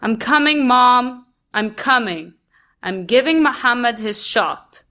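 A woman voicing a busy, doting older grandmother who fusses over her family. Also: slow. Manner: fussy, affectionate, higher and louder than the narration.

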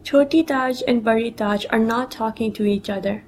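A woman's voice: a little high, normal speed, a little mellow, a little hiss or hum, rough recording. A woman reading a personal memoir story aloud, telling it plainly and quoting others in her own voice.

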